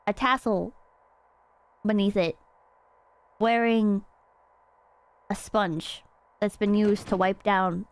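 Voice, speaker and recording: A woman streaming a horror game, chatting excitably and rambling, swearing freely as she plays. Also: a little high, no room sound. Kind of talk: casual game stream chat.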